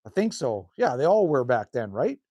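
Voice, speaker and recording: A man's warm, mid-range voice has a sing-song quality and a normal pace, with no echo on the recording. He's live streaming outside a cabin in the cold, reading viewers' comments aloud and replying in a casual, meandering way.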